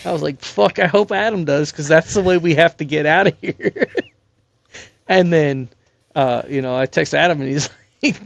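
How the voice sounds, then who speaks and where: A man's voice: fairly high pitch, moderate pace, gravelly, no room sound. A young man on a podcast telling a rambling, profane hunting-camp story in casual chat. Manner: rambling and profane, many fillers. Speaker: podcast guest, hunting crew member.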